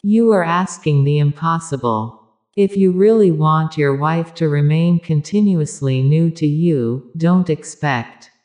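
A woman giving a measured spiritual discourse, speaking directly to her listeners. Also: low voice, darkish tone.

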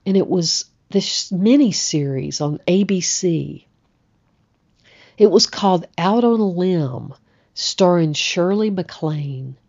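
A woman's voice: lowish voice, lively intonation, slow pace, darkish tone, highs cut off. Chatty woman telling a personal story. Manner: chatty, conversational, with frequent "you know" and "like".

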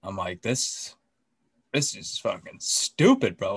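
A man co-hosting a podcast, excitedly recapping a TV episode in casual chat, swearing often and acting out the scenes. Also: lowish voice, takes it slowly, husky, dry recording, studio quality. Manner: excitable, profane, acts out scenes. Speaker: podcast co-host.

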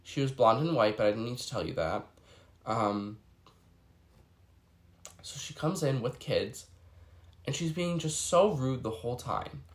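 Brief: congested man, mid-pitched, chatty and exasperated, recorded in an echoey room. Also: expressive, a little slow, pauses often. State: stuffy from a cold. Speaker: vlogger. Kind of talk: casual storytelling chat.

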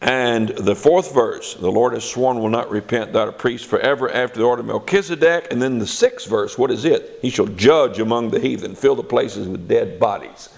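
Older man, gravelly voice, Bible teacher, sermon, expressive preaching. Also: mid-range voice, normal speed, hardly any pauses. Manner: expressive preaching, reads scripture aloud with rising emphasis.

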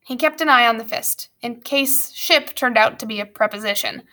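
A woman reading a storybook aloud as narrator, with lively storytelling and wry asides. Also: a little high, moderate pace. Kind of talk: audiobook narration.

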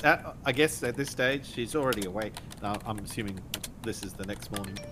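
A man playing in a tabletop game, narrating his character hesitantly with many pauses. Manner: hesitant, lots of ums. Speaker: player. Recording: steady rumble in background.

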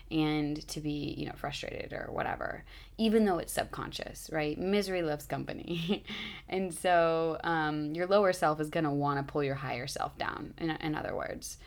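Woman, 30s, low gravelly voice, casual rambling vlog storyteller with heavy filler words. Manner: rambling, chatty, lots of "like" fillers.

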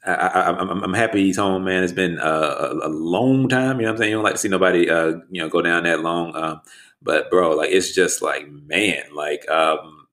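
A man's voice: deep voice, moderate pace, fairly bright tone. A man co-hosting a casual podcast chat, laid-back and rambling, full of fillers and restarts.

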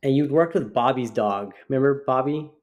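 A man's voice: medium pitch, normal speed, a little mellow, lo-fi sound. A man co-hosting a podcast, telling a rambling story in casual chat with many restarts. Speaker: podcast co-host.

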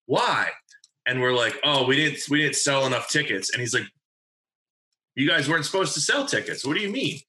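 A man in his twenties from New Jersey chats casually, telling a story and rambling with lots of fillers and swearing. His voice is bright and forward, and the room gives it a noticeable echo. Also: medium pitch, animated, brisk. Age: 20s. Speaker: podcast guest telling a story. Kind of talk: casual chat.

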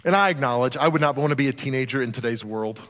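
A man's voice: medium pitch, quick pace, fairly bright tone. A man preaching a sermon as a pastor, conversational and joking, sometimes acting out quoted voices. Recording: long hall reverb.

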